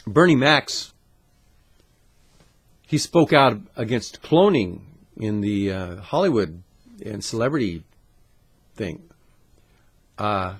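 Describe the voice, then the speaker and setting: A man hosting his own channel, ranting to camera with constant swearing, jumping between loud outbursts and muttered asides. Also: lowish voice, animated, takes it slowly, long pauses, husky. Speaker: channel host. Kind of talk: profane conspiracy rant to camera.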